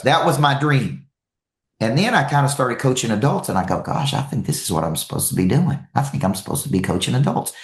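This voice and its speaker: A man giving a motivational talk to an audience as a coach, telling stories with lively energy and repeating phrases for emphasis. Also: lowish voice, echoey room.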